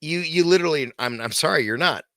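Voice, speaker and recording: A man hosts his own podcast late at night, delivering a casual rant. His voice is bright and pushed forward, and the sound is dry and close. He talks in a heated, profane way and rambles as he goes. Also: fairly high pitch, fast, no room sound. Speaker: podcast host.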